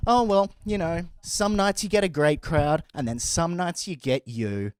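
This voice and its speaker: A man's voice: a little high, expressive, measured pace, clean tone, no room sound, studio quality, pitched above the performer's own voice. A man voicing a rude, abrasive woman comic at an open mic, with a blunt, sneering delivery in his own voice.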